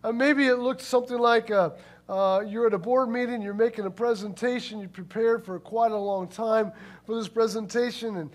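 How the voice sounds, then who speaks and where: A man's voice: extremely high pitch, steady tone, normal speed. A man pastor giving church announcements and a sermon in a casual, folksy storytelling way. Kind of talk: sermon with announcements and a told joke.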